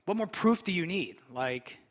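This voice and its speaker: A man's voice: high voice, lively intonation, normal speed. A young man preaching a sermon as pastor, conversational and chatty, with frequent casual asides.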